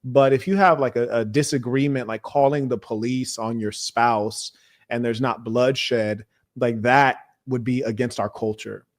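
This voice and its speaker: A man hosting a confrontational call-in show, speaking in a measured way and talking over callers with repeated commands. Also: mid-range voice, fairly even intonation. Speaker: host.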